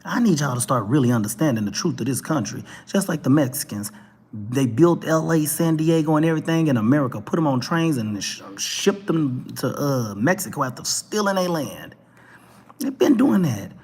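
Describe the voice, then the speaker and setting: A man's voice: a little high, animated, normal speed, a little mellow, breathy edge. A man with a Texas twang hosting a talk show, giving a blunt, emphatic and profane ranting monologue that keeps hammering the same points. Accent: Texan twang.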